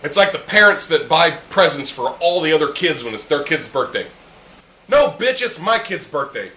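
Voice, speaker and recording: This young podcast host talks briskly in a fairly high, expressive voice that is bright and forceful. He rants heatedly and swears constantly while drinking beer with friends during a casual room chat, with echo and faint ambient noise around him.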